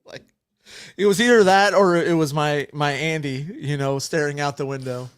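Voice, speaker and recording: A man's voice: a little high, normal speed, clear, resonant tone, dry recording. A middle-aged man co-hosting a casual podcast over beers, telling rambling stories with lots of restarts. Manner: rambling, self-interrupting storyteller. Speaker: podcast co-host.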